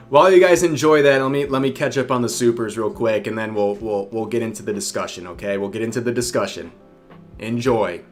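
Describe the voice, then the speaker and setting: A man's voice: on the low side, steady tone, moderate pace, pauses often, soft background music. A young man in casual livestream chat, reading viewer donation messages aloud, often repeating his phrases. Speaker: streamer reading super chats.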